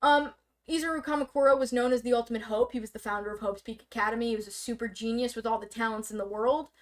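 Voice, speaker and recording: A woman casually explaining a story on a live stream, rambling with lots of fillers and sudden bursts of fast talk. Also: fairly high pitch, steady tone. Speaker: stream guest presenting slides. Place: streaming setup indoors.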